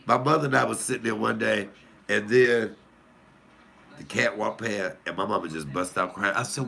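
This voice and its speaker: A man in his fifties doing casual comic storytelling, animated, jumping high and loud when he acts out outbursts. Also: moderate pace, creaky. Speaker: comedian storyteller.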